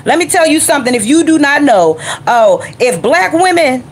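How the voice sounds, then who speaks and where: High-voiced woman vlogger, sassy and scolding. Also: expressive, normal speed, slight background noise. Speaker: video blogger. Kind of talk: reaction commentary.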